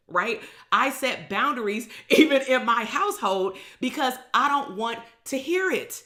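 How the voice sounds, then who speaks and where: A woman coaches bluntly on a live stream and swears freely. Her voice sits on the higher side and sounds bright and forceful. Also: expressive, measured pace, few pauses. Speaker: business coach.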